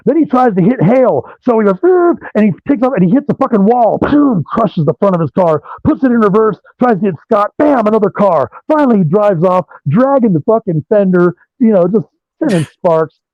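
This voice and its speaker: A man, a rock guitarist being interviewed over a remote call, telling animated stories and swearing freely. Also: sits high, fairly quick, no echo. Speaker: guitarist guest. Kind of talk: profane storytelling interview. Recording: dull lo-fi dry sound.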